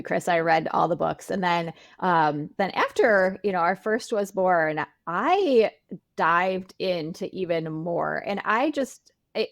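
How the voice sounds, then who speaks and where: Woman guest, reflective, mid pitch, dry mic. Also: dry recording. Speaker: podcast guest, mother. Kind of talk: casual conversation.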